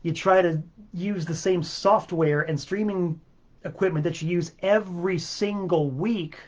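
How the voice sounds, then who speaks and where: A man hosts his own music livestream from a home studio and rants with exasperated, sarcastic swearing. His voice is high-pitched, with fairly even intonation and a measured pace, picked up by a webcam mic.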